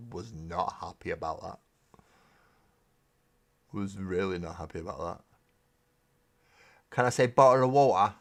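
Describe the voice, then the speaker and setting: A man hosting a live stream, chatting casually and rambling with self-mocking humor while painting miniatures. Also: deep voice.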